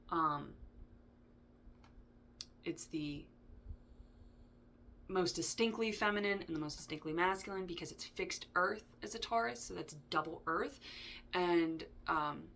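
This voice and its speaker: A woman with a lowish voice talks through a tarot spread in a loose, chatty way. She wanders off into asides and fills gaps with ums. Faint background noise sits under her voice. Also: a bit bright. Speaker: tarot reader. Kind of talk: casual tarot reading.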